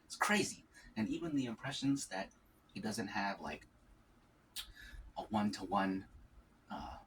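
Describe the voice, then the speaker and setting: Low-voiced man rambling at a distant mic. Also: lively intonation, unhurried. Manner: rambling, musing aloud between bites. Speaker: mukbang vlogger. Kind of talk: casual mukbang chat. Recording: distant mic with faint ambient noise.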